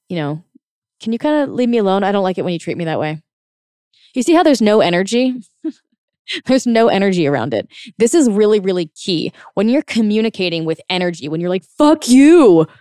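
Speaking in a lowish, slightly mellow voice, this woman offers frank relationship coaching in a relaxed monologue, with occasional curses, frequent laughter and performed quoted reactions. The recording is dry, clean and studio-quality.

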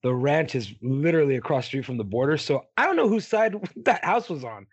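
Husky animated man chatting. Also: a little high, fairly quick, dry recording, lo-fi sound. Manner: swears often, animated storytelling. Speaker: podcast co-host. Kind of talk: casual chat.

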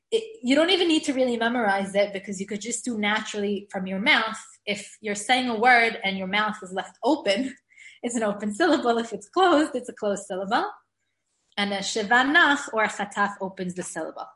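A woman gives a grammar class in a friendly, easygoing way, often laughing at herself as she explains. Her voice sits at an ordinary middle pitch for a woman. The room around her is echoey. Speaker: Hebrew grammar teacher. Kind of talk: class lecture.

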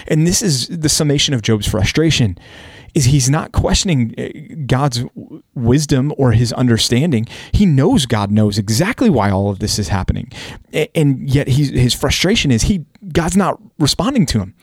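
A man's voice: mid-range voice, big pitch swings, normal speed, breathy edge, no echo, clean studio sound. A man hosting a casual Bible study podcast, talking in an earnest, conversational way and now and then acting out the quotes he reads. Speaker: podcast host teaching scripture.

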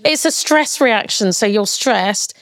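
A woman's voice: medium pitch, animated, takes it slowly, no room sound, clean studio sound. A woman co-hosting a casual podcast interview, talking bluntly and swearing freely. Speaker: podcast co-host.

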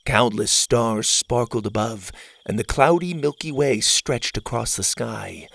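A man narrating a children's adventure story in a lively storytelling manner. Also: mid-range voice, unhurried, vocal fry.

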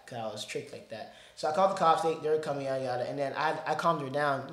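Talking fast with few pauses, a medium-pitched man hosts a podcast and wanders through a story. He's animated and casual, dropping slang such as "bro," and the recording has a roomy sound.

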